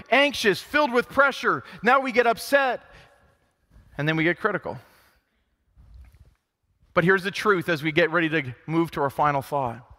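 A male pastor delivers an animated sermon in a church sanctuary, slipping into grumbling voices to act out what he describes. His voice sits high and sounds bright and forward. The sound has a long, lingering hall reverb. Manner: animated preaching, acts out grumbling quotes.

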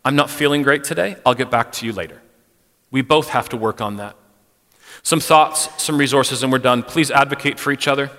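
A man's voice: mid-range voice, moderate pace, pushed and bright. A middle-aged man giving a candid, conversational church talk, speaking frankly and personally to the congregation. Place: church sanctuary. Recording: long hall reverb.

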